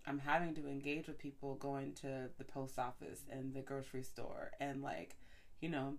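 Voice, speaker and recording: A woman's voice: rumbling low, little pitch movement, normal speed. A woman in casual conversation who talks loosely, full of fillers and "like". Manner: chatty, many fillers and likes. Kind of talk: casual chat.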